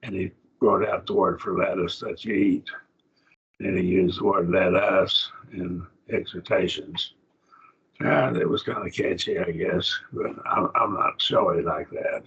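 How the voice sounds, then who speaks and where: A plainspoken, folksy man, a preacher, teaching a slow Bible Greek grammar lesson to a class. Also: sits low, steady tone, creaky, fairly bright tone, husky. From rural. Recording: dull lo-fi classroom recording.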